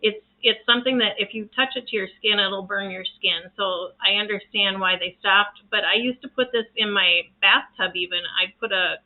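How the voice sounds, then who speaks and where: A woman's voice: medium pitch, normal speed, hardly any pauses. Earnest rambling woman, tinny phone-like audio. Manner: earnest, rambling, with many restarts. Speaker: reiki practitioner sharing home remedies. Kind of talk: casual talk to camera.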